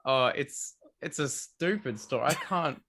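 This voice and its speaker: A man's voice: medium pitch, animated, unhurried, pushed and bright, a little hiss or hum. A man with an Australian accent, a podcast guest chatting in a laid-back, self-deprecating way. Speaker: YouTuber guest. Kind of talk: casual interview chat.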